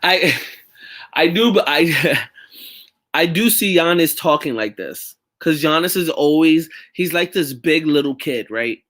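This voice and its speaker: A man's voice: fairly high pitch, lively intonation, slow pace, fairly bright tone. A man hosting a casual sports talk show, rambling loosely and swearing freely. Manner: loose and profane, rambling with restarts. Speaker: podcast host.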